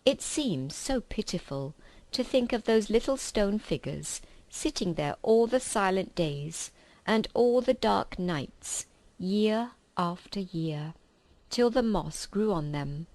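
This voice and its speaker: A woman reading a children's novel aloud with calm, measured storytelling. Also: medium pitch, no room sound, rough recording. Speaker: reader.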